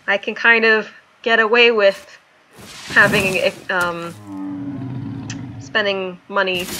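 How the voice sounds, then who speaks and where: A young adult woman chatting casually and thinking out loud as she plays a card game. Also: medium pitch, noisy background. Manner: chatty, thinks aloud while playing. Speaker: streamer. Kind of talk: casual gameplay commentary.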